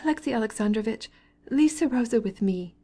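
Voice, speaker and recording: A woman voicing a desperate, ashamed young wife who pleads in a low, tearful voice. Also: animated, fairly quick, warm tone. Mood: pleading.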